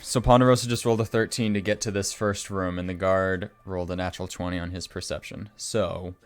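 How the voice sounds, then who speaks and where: A man's voice: deep voice, flat delivery, fairly quick, clean tone, soft background music. Casual man running a tabletop game. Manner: casual, hesitant, many fillers. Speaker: game master.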